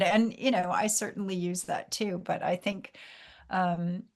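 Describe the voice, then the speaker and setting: Lively laughing woman podcast host. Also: medium pitch, moderate pace. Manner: laughs often, animated storyteller. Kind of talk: casual conversational interview.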